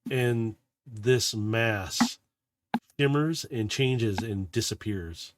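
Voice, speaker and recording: A man running a tabletop game as game master, narrating softly and losing his voice. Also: fairly low pitch, drawn-out words, background noise.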